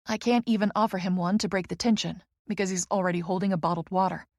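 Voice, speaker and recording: A woman narrating a first-person romance audiobook with lively, expressive storytelling. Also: lowish voice, fast, dry recording, clean studio sound.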